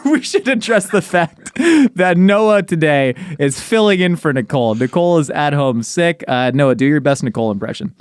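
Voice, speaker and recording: A man's voice: on the high side, expressive, moderate pace, hardly any pauses, smooth, no room sound, studio quality. A man hosting a podcast, chatting casually in a wry, joking, self-deprecating way. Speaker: podcast host.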